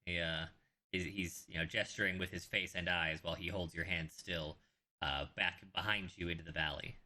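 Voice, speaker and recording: A man's voice: low voice, fairly even intonation, moderate pace, pushed and bright. A man acting as game master, explaining rules and narrating scenes in a loose, conversational way.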